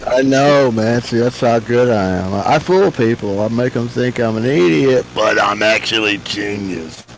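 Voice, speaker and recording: A man's voice: medium pitch, expressive, normal speed, noisy background. A man of about seventy hosting a flight-sim stream, chatting casually in a rambling, joking way with many restarts. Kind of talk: casual chat.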